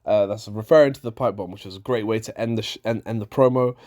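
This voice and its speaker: A man giving a casual, exasperated rant reviewing a wrestling show, animated, with frequent restarts. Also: lowish voice, fast talker.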